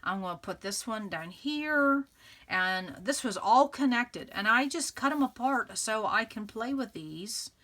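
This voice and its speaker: A woman's voice: a little high, expressive, unhurried, fairly bright tone. A woman hosting a scrapbooking tutorial, chatting casually and upbeat as she works, laughing often and thinking aloud. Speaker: scrapbooking channel host. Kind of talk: casual crafting tutorial narration.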